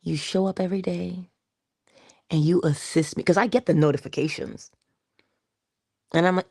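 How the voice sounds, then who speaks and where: Speaking a little fast but pausing often, a livestream host with a low, husky, gravelly voice keeps her motivational stream casual and playful. Breathy whispered asides and animated quoted voices pop up throughout. The sound is close, dry, and echo-free.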